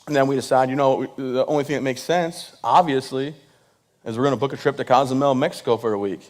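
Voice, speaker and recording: A man from Michigan, a veteran, telling a comic story on stage in a joking, self-deprecating way while speaking straight to the audience. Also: medium pitch. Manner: addresses the audience directly. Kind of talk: stand-up comedy storytelling.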